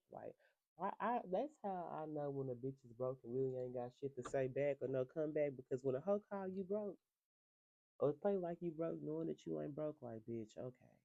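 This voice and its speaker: Sassy gravelly recapper, very dark tone. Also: medium pitch, no room sound, lo-fi sound. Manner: profane, sassy, laughs often. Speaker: reality TV recap reviewer. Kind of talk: casual gossipy recap.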